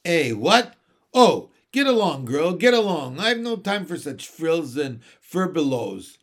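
A man voicing a shrill, cheeky male starling who chatters and wheedles for food. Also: very animated, slow, exaggerated voice. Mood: dismissive. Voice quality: shrill, cockney-tinged.

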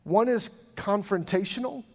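Male pastor, high voice, animated sermon storyteller who acts out quoted voices. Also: moderate pace. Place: church sanctuary.

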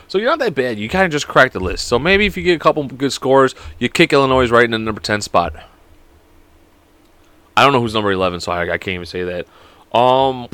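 A man's voice: mid-range voice, a bit bright, dry recording. A young man hosting a casual solo podcast, joking around, rambling and swearing a lot. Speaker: podcast host.

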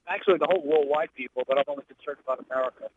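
A man's voice: on the high side, very fast. Agitated ranting male caller on a phone line. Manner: agitated, ranting, stammering restarts. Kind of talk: phone-in call. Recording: tinny phone line with faint noise.

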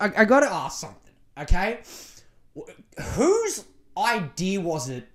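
A man hosting a solo podcast, joking, swearing freely and rambling through a rant. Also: high voice. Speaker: podcast host.

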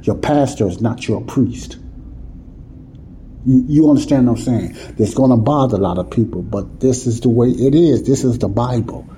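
A man preaches with a very dark, mellow voice, loose and conversational. He keeps checking in with his listeners and repeats his points. A faint hum sits behind him. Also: mid-range voice, moderate pace, low-quality recording. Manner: repetitive, keeps asking "you see what I'm saying?"; conversational, folksy grammar. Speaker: Bible teacher. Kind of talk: informal sermon teaching.

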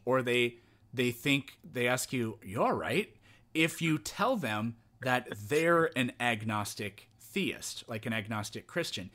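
A man chatting as a podcast guest, thoughtful and calm, often restarting his sentences. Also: mid-range voice. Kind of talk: casual conversation.

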